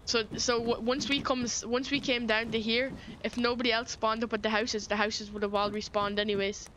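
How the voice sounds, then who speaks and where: A woman's voice: on the high side, little pitch movement, brisk, noisy background. An Irish woman streaming a game, chatting casually, swearing freely and often restarting her sentences. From Ireland.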